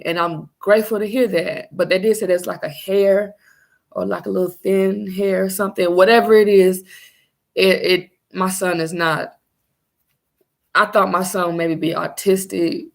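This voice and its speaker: A young woman telling her own story as a mother in a personal vlog, halting and searching for her words. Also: mid-range voice, vocal fry.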